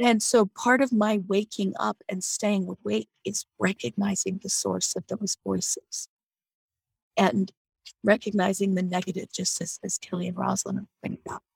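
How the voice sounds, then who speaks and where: A woman's voice: medium pitch, creaky, slightly rough, dry recording, poor audio. A woman on a video call from her home, sharing her faith in an earnest, reflective way and often restarting her sentences. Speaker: guest on a faith discussion call. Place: home near an air base.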